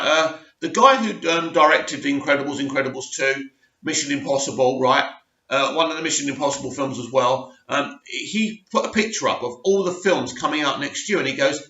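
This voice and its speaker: A man's voice: fairly high pitch, pushed and bright, roomy sound, muffled recording. A middle-aged man giving a blunt, emphatic film review rant, stressing points and often asking "right?". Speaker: movie review vlogger.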